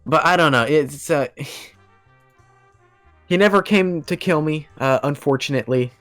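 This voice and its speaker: A man's voice: on the high side, slow, a bit bright, soft background music. A young man telling a long story on a podcast in casual chat, rambling with lots of fillers and laughing as he goes. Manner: rambling, laughing, acts out quoted voices. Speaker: podcast guest.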